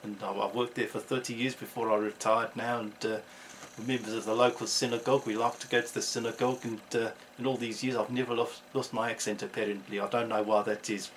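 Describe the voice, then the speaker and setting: A man's voice: lowish voice, little pitch movement, fast, hardly any pauses, a little hiss or hum, lightly acted, rough recording. A man voicing a genial retired South African gynaecologist with a South African accent, chatty and cheeky.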